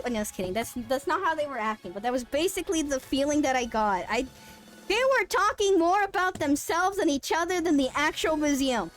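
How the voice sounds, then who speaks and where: Young female streamer, high voice, loose, swearing, laughing, casual live chat. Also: animated, a little fast, soft background music. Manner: rambling, sarcastic, laughing, swears freely.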